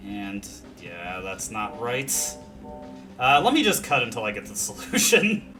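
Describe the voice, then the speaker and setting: A young man talks through a video game in a loose, rambling way, with plenty of fillers and jokes at his own expense. His voice is bright and clear. Soft game music plays underneath. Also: on the low side, wildly swooping pitch, measured pace. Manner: rambling, self-deprecating, thinks aloud with many fillers. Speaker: let's play commentator. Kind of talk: casual gameplay commentary. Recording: faint game music behind.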